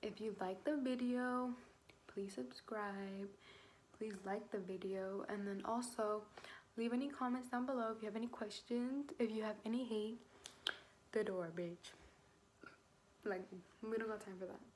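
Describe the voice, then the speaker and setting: A pregnant teenage girl talks straight to her camera, rambling through her story with constant fillers and easy swearing. Her voice sits at an ordinary pitch for a young woman. A faint hum of room noise sits behind her. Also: unhurried, pauses often, a little mellow. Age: teens. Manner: chatty, swears freely, heavy filler "like". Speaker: vlogger.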